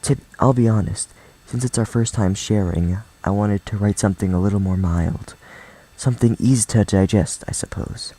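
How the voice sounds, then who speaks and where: A man voicing a shy, bookish young woman who speaks in a soft, hesitant, gentle way. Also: fairly low pitch, normal speed, lightly acted, low-quality recording. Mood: timid.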